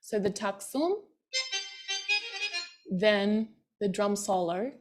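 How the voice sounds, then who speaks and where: A woman's voice: mid-range voice, very slow, darkish tone. Encouraging woman counting dance steps. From Australia. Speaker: bellydance teacher. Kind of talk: dance class instruction, counting beats. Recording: faint music behind. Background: class music.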